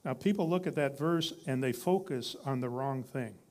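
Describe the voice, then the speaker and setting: A man's voice: medium pitch, normal speed, a little mellow. A man preaching a sermon in a conversational teaching style, reading scripture and building to emphatic repeated lines.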